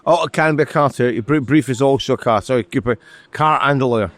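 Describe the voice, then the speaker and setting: A middle-aged author reading from his novel and chatting as a guest, wry and quick to correct himself, recorded outdoors by a street. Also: mid-range voice, fairly bright tone, dry recording. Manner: dry, wry and self-correcting. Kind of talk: reading aloud from a novel, then casual conversation.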